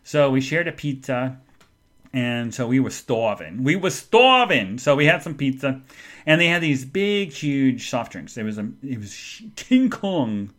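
A man's voice: medium pitch, animated, normal speed, fairly bright tone. A man hosting a podcast, telling a long casual story in a chatty, rambling way and acting out the voices he quotes. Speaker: podcast host.

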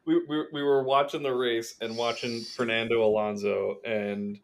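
A man co-hosting a casual podcast, wry and quick to laugh. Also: medium pitch, steady tone. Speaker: podcast co-host. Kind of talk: casual chat.

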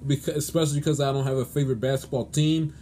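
A man's voice: medium pitch, fairly even intonation, racing, warm tone, a little hiss or hum. A man hosting his own sports show, ranting in a pleading, exasperated way with lots of restarts and stammers. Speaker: sports podcast host. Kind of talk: solo sports commentary rant.

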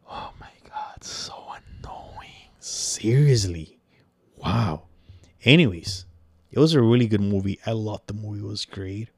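Gravelly, low-voiced man ranting casually. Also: a little mellow, no echo. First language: Spanish. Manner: rambling, profane, sprinkles in Spanish words. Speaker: podcast host. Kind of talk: casual opinion chat.

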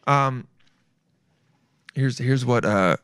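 A man hosting a casual solo podcast, excitable and profane, thinking out loud as he talks. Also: mid-range voice, very slow, clear, resonant tone, dry recording. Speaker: podcast host.

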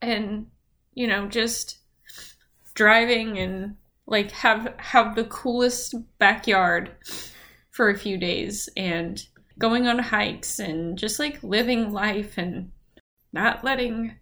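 A woman's voice: mid-range voice, slow, pushed and bright. Young woman, podcast co-host, candid casual chat, heartfelt. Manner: heartfelt, tearful at times, many fillers.

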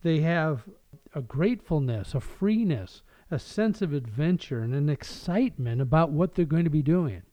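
A man's voice: fairly high pitch, animated, moderate pace, dark tone, dry recording. A man in a casual conversation, telling an earnest, enthusiastic anecdote. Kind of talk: casual chat. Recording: dull dry lo-fi audio.

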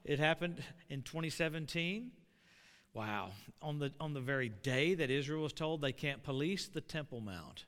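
A middle-aged man preaching a sermon, animated and building to shouts. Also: fairly high pitch, moderate pace. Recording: long reverb of a hall.

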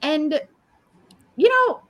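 A woman's voice: high voice, big pitch swings, very slow, bright, forceful tone. A woman hosting a casual podcast chat who reads out audience comments and moderates the discussion evenly.

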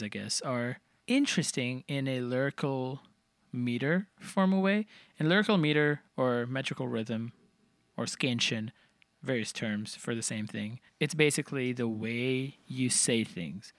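A man co-hosting a casual analytical chat breaks down song lyrics and rhythm, methodically explaining and counting out beats. His mid-range voice is animated and measured in pace, and the recording is dry.

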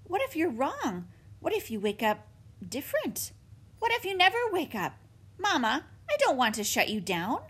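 A woman's voice: huge pitch swings, normal speed, a bit bright, exaggerated voice. A woman voicing a young male gosling, curious and anxious, asking eager, worried questions. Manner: high, eager, fretful questions.

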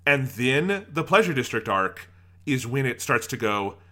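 A man's voice: medium pitch, sing-song, unhurried, bright, forceful tone. A man co-hosting a casual podcast about anime, gushing with enthusiasm and acting out his own reactions. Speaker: podcast co-host.

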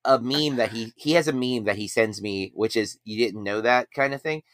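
A man hosts a podcast in loose, rambling chat, often poking fun at himself. His voice is bright and forward. The recording is dry and close, with no room sound. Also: mid-range voice, moderate pace, dry recording. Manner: rambling, self-deprecating. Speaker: podcast host. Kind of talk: casual chat.

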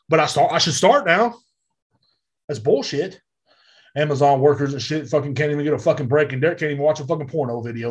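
A man hosting a podcast, ranting with loud, profane exasperation in a comedic monologue. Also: fairly high pitch, slightly rough. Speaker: podcast host. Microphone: podcast mic.

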